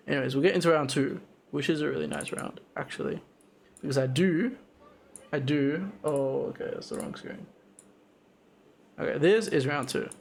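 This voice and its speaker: Excited young man breaking down his fight. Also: moderate pace, vocal fry, a little hiss or hum. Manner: excited, slangy, full of 'boom' and 'bro', many restarts. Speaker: amateur Muay Thai fighter narrating his fight footage. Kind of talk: casual fight breakdown commentary.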